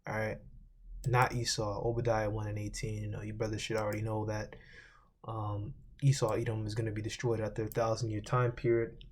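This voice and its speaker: Brisk and completely flat, a low-voiced man teaches scripture informally, rambling along, cursing offhandedly, and going over lists again as he remembers them.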